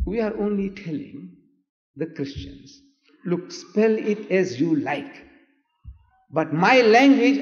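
Emphatic man lecturing in an echoey hall. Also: medium pitch. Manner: emphatic, rhetorical, quizzes the audience. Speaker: debater. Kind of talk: public debate lecture. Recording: old echoey hall recording, dull sound.

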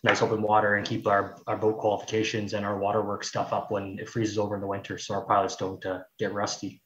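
A man's voice: lowish voice, fast talker. Man on a roomy, muffled call. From Canada. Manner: relaxed, rambling with many fillers. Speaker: guest, search and rescue technician. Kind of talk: casual conversation. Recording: roomy, dull lo-fi call audio.

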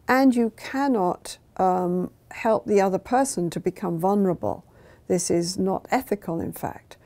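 Measured woman explaining therapy, mellow voice. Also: medium pitch. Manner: measured, acts out therapist and client lines in quotes. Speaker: therapist explaining her method. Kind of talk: calm explanatory talk.

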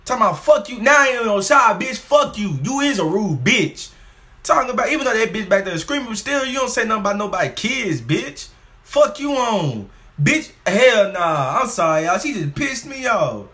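A young man with a high, bright voice that swings up and down as he reacts to a clip. He talks back at it in a rapid, profane, excitable way. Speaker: reaction video host.

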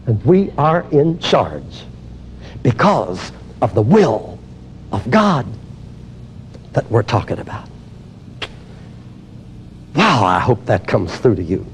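An older man preaching a teaching sermon on healing, emphatic and exuberant, dropping to a hush and then rising to loud exclamations. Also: medium pitch, very animated, slow, long pauses, slight background noise.

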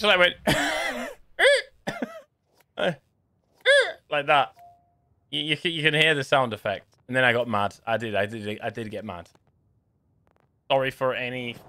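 A man giving jokey, rambling commentary over live gameplay, swearing and muttering to himself between bursts of excitement. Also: mid-range voice, a little hiss or hum. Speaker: gaming channel host.

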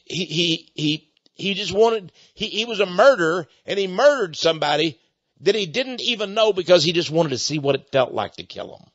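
A man preaching a sermon in a folksy, animated storytelling manner, often chuckling. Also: sits high, moderate pace, no room sound. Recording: dull dry lo-fi recording.

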